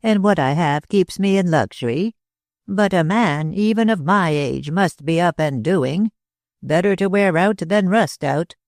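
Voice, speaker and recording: A man voicing a talkative older man with an American accent, speaking slowly and dryly in a drawl. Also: sits high, expressive, dry recording. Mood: effusive. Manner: drawling, slow and dry.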